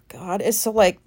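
A woman's voice: medium pitch, a little mellow. Late 30s woman ranting on her podcast, anxious, swears a lot, lots of "like"s. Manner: rambling, profane venting with many fillers. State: anxious and frustrated. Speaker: podcast host. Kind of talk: casual solo podcast monologue.

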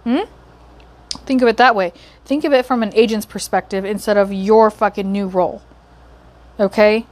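A woman's voice: medium pitch, steady tone, normal speed, pauses often, darkish tone. A young woman working as a call center agent, venting in a heated, profane rant about a bad call and her team lead. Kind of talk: ranting vlog.

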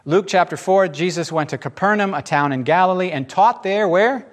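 A man preaching a sermon as pastor, with casual asides and lively storytelling in which he acts out the people he quotes. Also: high voice, moderate pace, hardly any pauses.

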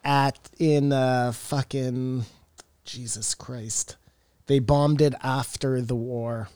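A man's voice: medium pitch, fairly even intonation, slow pace, a little mellow, clean tone, dry recording. A Canadian man co-hosting a podcast, joking bluntly and swearing in casual banter. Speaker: podcast co-host.

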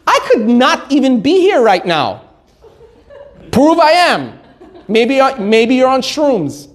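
A man giving an animated Torah lesson, joking, laughing often and telling stories with Hebrew terms mixed in. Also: very high voice, slow. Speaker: Torah teacher.

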